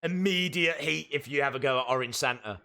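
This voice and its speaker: A man hosting a live wrestling watch-along, calling the action and breaking into excited shouts. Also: a little high, brisk, gravelly. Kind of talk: live wrestling reaction commentary.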